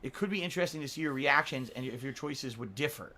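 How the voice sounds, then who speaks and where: A man's voice: medium pitch, fast. A man live streaming casually, chatting with viewers and reading out their tips. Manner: animated, reads out viewer tips.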